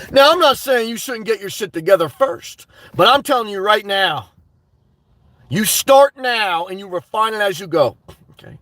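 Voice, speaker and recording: A man with a very high voice talks straight into a laptop mic on a home livestream. He is animated and swears freely, and he breaks into loud outbursts. The sound is dry and close. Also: dry recording. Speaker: livestream host. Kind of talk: casual livestream monologue.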